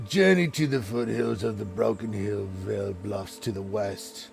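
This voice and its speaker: A man playing a baritone ogre lord. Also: vocal fry, a little mellow, full character voice. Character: giant grave male ogre lord.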